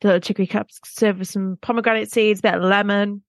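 A woman's voice: medium pitch, fairly even intonation, fast talker, no echo. A woman co-hosting a podcast in casual, rambling chat, poking fun at herself. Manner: chatty, self-mocking, rambling asides. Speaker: podcast co-host.

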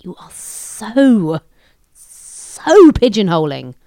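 A woman's voice: medium pitch, big pitch swings, drawn-out words, mellow, no echo, clean studio sound. Teasing woman podcast co-host. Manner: teasing, playful banter. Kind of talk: casual chat.

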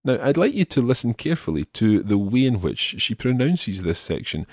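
A man teaching French phrases in a calm studio voice, repeating each phrase slowly and clearly. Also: medium pitch, dry recording. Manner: slow careful repetition of phrases. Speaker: language teacher.

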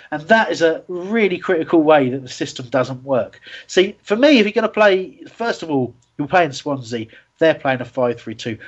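A male host talks football in a rambling, self-deprecating way, full of ums and restarts. His voice is husky and mid-pitched, and the recording sounds dull and lo-fi. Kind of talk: casual football talk show.

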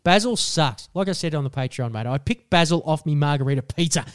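A young Australian man with a fairly high voice rants and swears his way through casual podcast banter. The recording is dry and close, with no room sound. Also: brisk, smooth, no room sound. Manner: sweary, ranting, animated. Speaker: podcast co-host.

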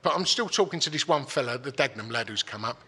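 A man's voice: medium pitch, lively intonation, quick pace, sharp tone, slightly rough, long reverb tail. A middle-aged man from England, telling a long story in blunt, sweary, rambling casual talk. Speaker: guest.

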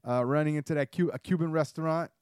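Casting: young male podcast co-host, quick with jokes, voice a bit high, dry close sound. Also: steady tone, a little mellow, clean tone, dry recording. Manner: joking, chimes in with quips. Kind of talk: casual chat.

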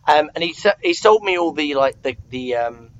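A man's voice: a little high, expressive, moderate pace, highs cut off. A young man from England in his twenties, chatting casually and telling rambling stories with self-mocking asides. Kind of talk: casual chat.

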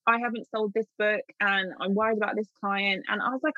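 A woman's voice: medium pitch, a little fast, hardly any pauses, sharp tone, no room sound. A woman in an interview, a literary agent telling stories candidly and acting out her own past remarks with lots of laughter. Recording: dull, dry sound.

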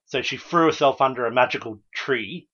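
A man's voice: mid-range voice, fairly quick, sharp tone. Brief: wry male co-host, mid-range voice, dull lo-fi recording. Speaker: podcast co-host. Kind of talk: casual chat, storytelling.

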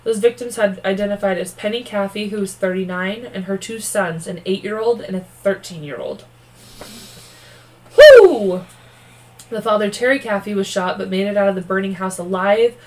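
A woman's voice: medium pitch, fairly quick, few pauses, noisy background. A woman co-hosting a true-crime podcast, reading the case aloud and breaking off with blunt, profane, snarky asides.

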